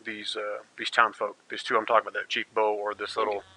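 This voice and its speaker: A man's voice: lowish voice, monotone, fast, bright, forceful tone, rough recording. A man narrating as game master, rambling with many fillers.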